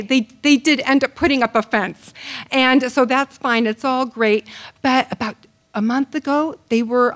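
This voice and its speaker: A middle-aged woman giving a sermon as a Bible teacher, telling a neighbor story and acting out the quoted voices. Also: on the high side. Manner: animated, acts out quoted voices.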